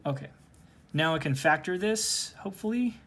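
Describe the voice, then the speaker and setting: A man's voice: fairly high pitch, lively intonation, moderate pace, a bit bright. A man teaching a recorded calculus lesson from home, casually talking through each step aloud. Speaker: math teacher.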